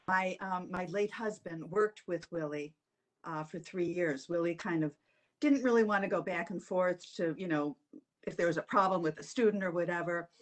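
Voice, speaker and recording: Older woman, low voice, storytelling, chatty, amused. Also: normal speed. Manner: chatty, laughs through her stories. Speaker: alumna panelist. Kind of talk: storytelling on a panel.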